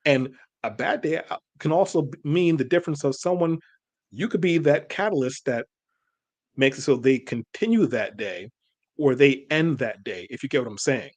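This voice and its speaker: A man's voice: medium pitch, animated, moderate pace, a little mellow. A man, co-hosting a casual reaction chat, making his case earnestly and at length. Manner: earnest, persuasive, rambling. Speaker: co-host.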